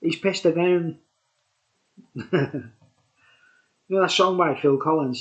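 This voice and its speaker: A man's voice: fairly high pitch, slow pace, long pauses, muffled recording. A tipsy man rambling through a casual beer review, chuckling often and dropping conspiratorial asides.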